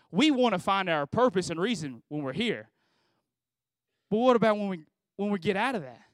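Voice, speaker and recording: A man's voice: high voice, no room sound. A man in his thirties giving a conversational sermon at a graduation service, asking the audience question after question and circling back on his phrases. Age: 30s. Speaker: pastor.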